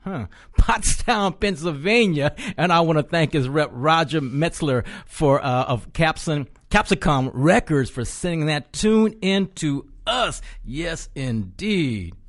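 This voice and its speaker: A man hosts an indie arts radio show, chatting loosely with his guest. His voice sits a little high for a man, and he teases and laughs often as he talks. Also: lively intonation, takes it slowly, hardly any pauses. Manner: laughs often, jokey and teasing. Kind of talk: casual radio interview.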